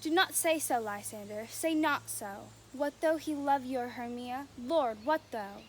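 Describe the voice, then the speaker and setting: A woman's voice: high-pitched, a little slow, slight background noise. A young woman playing a spurned young woman, delivering earnest, breathless, pleading verse at an outdoor youth stage performance. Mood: hurt.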